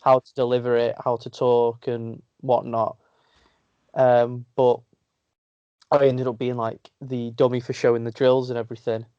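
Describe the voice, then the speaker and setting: A man's voice: mid-range voice, level tone, normal speed, smooth, no echo. A man with a Northern English accent, a wrestler telling stories in a casual interview and laughing often. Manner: chatty storyteller, laughs often. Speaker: guest wrestler. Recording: dull lo-fi sound.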